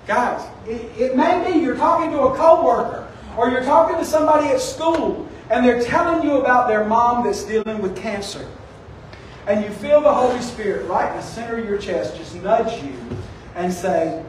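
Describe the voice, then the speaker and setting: High-voiced pastor preaching in a big echoey room. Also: male voice, slight background noise. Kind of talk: sermon. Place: church sanctuary. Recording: echoey room, distant from the mic.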